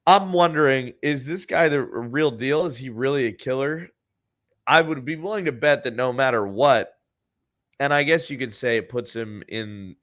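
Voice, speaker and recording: A man's voice: medium pitch, fairly bright tone. Sardonic profane male storyteller. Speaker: podcast host.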